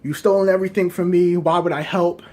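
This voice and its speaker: A man's voice: high-pitched, steady tone, fast talker, darkish tone. Killmonger, bitter defiant villain, as a man reads him. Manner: resentful, blunt.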